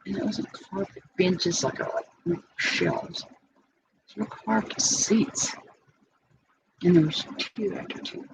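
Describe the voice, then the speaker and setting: Gravelly woman rambling through a story. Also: fairly low pitch. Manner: rambling, digressive, frequent restarts and fillers. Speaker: vlogger. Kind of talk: unscripted personal storytelling. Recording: dull lo-fi sound with clear background noise.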